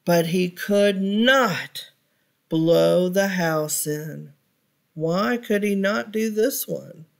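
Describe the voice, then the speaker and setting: A woman reading a children's picture book aloud for storytime, pausing to ask her listeners questions. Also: on the low side, vocal fry.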